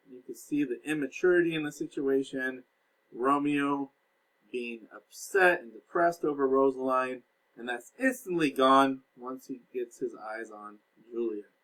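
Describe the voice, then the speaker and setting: A man's voice: medium pitch, a bit bright, low-quality recording. A male teacher casually recapping a play for his students, reading passages aloud and explaining them in plain words. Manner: casual explaining with fillers, reads aloud and paraphrases.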